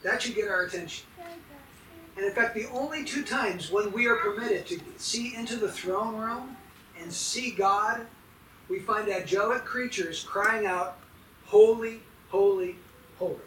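A man preaching with a high, bright, ringing voice, emphatic and putting questions to the congregation. He is recorded from some distance in an echoey church hall. A faint hiss sits under his voice. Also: unhurried. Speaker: pastor. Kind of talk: sermon.

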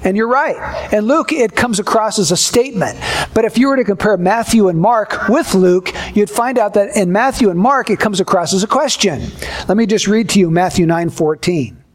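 High-voiced man preaching a measured sermon. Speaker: pastor.

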